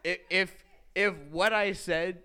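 A young man hosting a podcast panel in front of people, talking loudly and swearing freely between bursts of laughter. His voice is fairly high and smooth. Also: steady tone, takes it slowly. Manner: loud, profane, laughing. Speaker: podcast host. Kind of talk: casual live panel banter.

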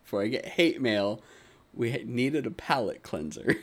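A man's voice: medium pitch, very animated, normal speed, a bit bright. A man hosting a podcast in casual chat, laughing often and teasing his co-hosts. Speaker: podcast host.

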